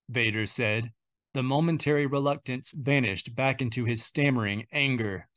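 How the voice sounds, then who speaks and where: A man's voice: medium pitch, moderate pace, a bit bright. Man narrating a novel steadily. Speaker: audiobook narrator. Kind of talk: unabridged novel reading.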